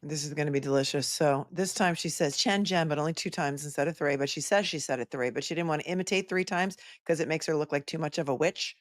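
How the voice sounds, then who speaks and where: A woman attorney hosting live trial commentary, reacting with sarcastic, animated asides. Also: sits low, fast talker, hardly any pauses, dry recording, studio quality.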